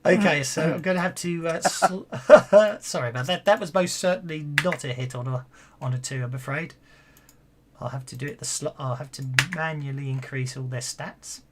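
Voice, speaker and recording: A game master narrating an online tabletop session in a middle-pitched voice. The delivery is hesitant and full of restarts, often breaking into chuckles between rulings. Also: moderate pace, a little hiss or hum.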